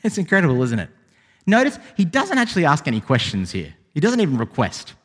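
A man preaching a sermon as pastor, animated and rising to emphatic exclamations. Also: a little high, fast talker. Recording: long hall reverb.

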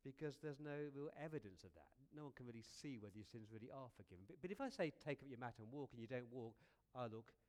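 A man preaching a sermon as a lively, conversational story, often repeating words and asking rhetorical questions. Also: mid-range voice, fast talker, hardly any pauses.

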